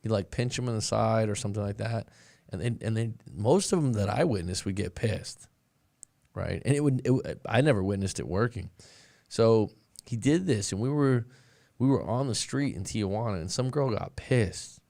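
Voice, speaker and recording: A man with a low, gravelly voice hosts a breakup coaching stream, talking casually to his viewers. He rambles, restarts his sentences and keeps calling people "boss man." The sound is close and dry, with no room around it. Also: moderate pace, darkish tone, no echo. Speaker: breakup coach and podcast host. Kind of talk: casual live-stream chat and storytelling.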